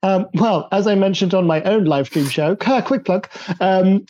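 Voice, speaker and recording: A man's voice: high voice, measured pace, darkish tone, dull audio. A man comedian chatting on a remote call, rambling and self-deprecating with lots of hesitations. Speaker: comedian panelist. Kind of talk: casual chat.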